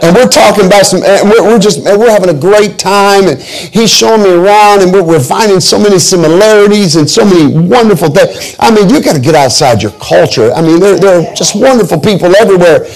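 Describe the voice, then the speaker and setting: A man's voice: high-pitched, fairly quick, hardly any pauses, poor audio. A pastor preaching a sermon, telling joking, folksy stories and often restarting his sentences.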